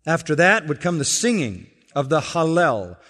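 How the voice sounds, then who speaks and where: A man preaching a sermon as pastor, earnest and explanatory, building to emphatic peaks and dropping low again. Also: very animated, normal speed, fairly bright tone. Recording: long reverb of a large hall.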